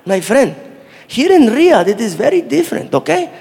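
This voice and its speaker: A man's voice: extremely high pitch, very animated, moderate pace, vocal fry, a little mellow, breathy edge, big-room sound, voice pushed up, full character voice. A man playing a chatty male driver who patiently explains the local rules, in a stand-up bit. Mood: explaining.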